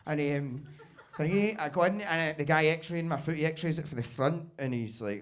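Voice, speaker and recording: A young Scottish man with a fairly high voice compering a stand-up night in a basement club. He talks through a handheld mic, sweary and excitable, often cracking up at his own story. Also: brisk, a little hiss or hum. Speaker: comedy compere.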